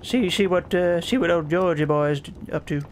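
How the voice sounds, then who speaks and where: Sex: man. Pitch: high. Role: co-host of a gaming livestream. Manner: excitable, cheering his friends on, often stammering and restarting. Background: faint noise. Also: a little fast. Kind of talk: casual gaming banter.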